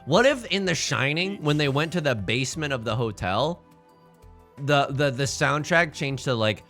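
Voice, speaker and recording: A young man plays mahjong on stream at a moderate pace, rambling through goofy jokes and casual asides to his chat. His pitch jumps around in a lively, animated way, and his voice is bright and forceful. Faint music runs beneath it all.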